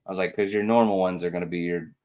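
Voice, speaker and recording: A man's voice: low-pitched, fairly even intonation, very fast, a little mellow. A man co-hosting a casual football podcast, talking loosely with slang and frequent laughter. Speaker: podcast co-host. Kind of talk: casual sports chat.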